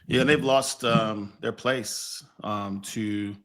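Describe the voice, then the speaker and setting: Low-voiced man talking rugby. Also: slow. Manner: animated storyteller, wry and joking. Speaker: podcast co-host. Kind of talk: casual rugby chat.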